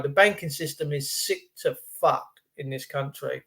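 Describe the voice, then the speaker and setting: A man's voice: on the high side, moderate pace, creaky, fairly bright tone. An English man ranting heatedly in a casual monologue, swearing freely and restarting his sentences. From England. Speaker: tradesman.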